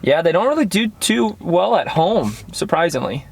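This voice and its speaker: A man's voice: sits high, normal speed, vocal fry, a little hiss or hum. A man co-hosting a podcast, chatting casually about football picks and reading out the matchups. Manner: relaxed, reads out matchups and makes picks. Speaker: podcast co-host. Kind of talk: casual sports chat.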